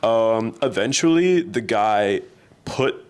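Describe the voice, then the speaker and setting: A man co-hosting a podcast, telling stories in a casual, animated way and laughing often. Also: fairly low pitch, slow, smooth. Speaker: podcast co-host. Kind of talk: casual storytelling chat.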